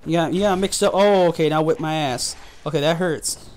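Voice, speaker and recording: Male gaming host, high voice, profane running commentary. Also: normal speed, darkish tone. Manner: frustrated, profane trash talk. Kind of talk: gameplay commentary.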